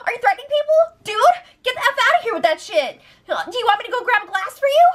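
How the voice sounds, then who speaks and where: A woman putting on a mocking young man's taunting voice, squeaky and fast. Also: expressive, fairly bright tone.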